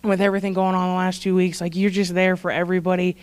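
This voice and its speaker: A young woman with a smooth, clear voice speaks at a church service. She rambles warmly, laughing often and fighting back tears as she pays tribute. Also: on the low side, little pitch movement, fast. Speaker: church staff speaker honoring graduates. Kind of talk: heartfelt tribute speech.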